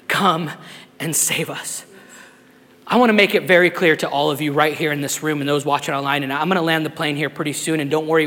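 A man preaching in a sanctuary, his voice high and ringing bright, with a long reverb trailing off the walls. He moves from hushed, heartfelt stretches to loud, shouted appeals. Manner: emotional, swings from soft to shouted. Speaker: pastor. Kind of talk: sermon. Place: church sanctuary.

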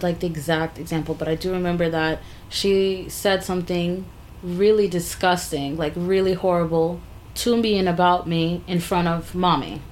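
A woman's voice: on the low side, slight background noise. A woman co-hosting a podcast in casual chat, telling a story in a blunt, chatty way. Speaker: podcast co-host.

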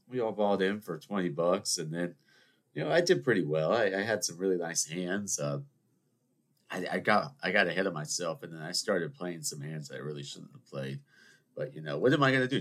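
A man with a fairly low voice that swings widely in pitch, chatting through a loose, joking podcast monologue. He rambles, restarts his sentences and leans on fillers. Every so often he jumps into high, exclaimed imitations. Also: a bit bright. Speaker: podcast host. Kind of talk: casual monologue.

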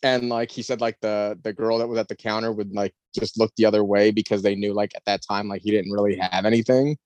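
A man's voice: lowish voice, level tone, a little fast, darkish tone, dry recording. A man co-hosting a podcast in casual chat, rambling and filling his sentences with "like". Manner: rambling, leans on "like" as filler. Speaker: podcast co-host.

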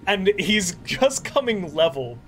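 A man narrating vividly as game master of a tabletop game. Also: slow pace. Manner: vivid descriptive narration with lively pitch.

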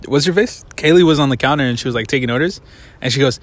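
A man's voice: mid-range voice, very fast. A young man telling a story in casual chat, rambling and laid-back. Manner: rambling, laid-back, says bro a lot. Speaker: coworker guest. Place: fast-food restaurant after closing.

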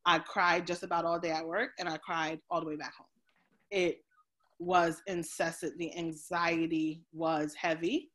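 A woman's voice: fairly low pitch, flat delivery, a bit bright. Woman life coach telling her story. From New Jersey. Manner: open, storytelling, frequent "um" pauses. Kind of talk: casual video interview.

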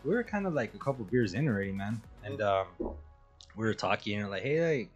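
A man's voice: lowish voice, big pitch swings, brisk, slightly rough, dull audio, faint music behind. A man co-hosting a podcast, telling stories in profane, casual chat that trails off now and then. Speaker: podcast co-host.

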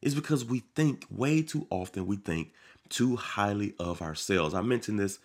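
A man delivering a sermon on his podcast, preaching with animated swings and acting out quoted voices. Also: lowish voice, moderate pace.

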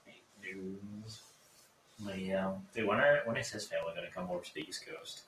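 Young man co-host, dry humor, lowish voice, off-mic and roomy. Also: expressive, quick pace, vocal fry, a bit bright, far from the mic, a little hiss or hum. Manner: dry, teasing quips. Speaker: podcast co-host. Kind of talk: casual chat.

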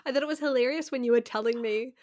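A woman talks casually on a podcast, rambling through her thoughts with plenty of filler words. Her voice sits a little high for a woman, and the delivery is loose and conversational. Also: quick pace, darkish tone. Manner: chatty, rambling, many "like" fillers. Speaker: podcast co-host. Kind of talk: casual book chat.

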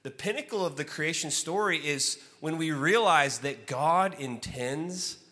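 A man preaching from the pulpit, his voice sitting a little high and sounding bright and forward. He moves between lively, acted-out storytelling and quieter, hushed reflection. A long reverb from the sanctuary trails behind every phrase. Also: measured pace. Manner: animated, acts out his own story with loud exclaimed quotes; drops to soft, hushed delivery for reflective points. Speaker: guest preacher. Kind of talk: sermon with storytelling. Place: church sanctuary. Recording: long reverb of a large hall.

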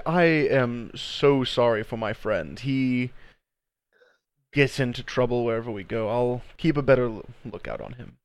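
A man's voice: medium pitch, a little slow, clean tone, no echo. A man playing a tabletop game, speaking politely and earnestly. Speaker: player. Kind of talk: casual tabletop game chat.

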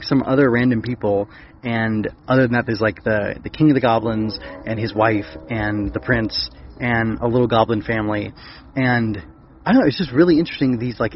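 A man's voice: medium pitch, dull audio. Rambling man in a casual book chat. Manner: rambling, many fillers and restarts. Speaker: podcast host.

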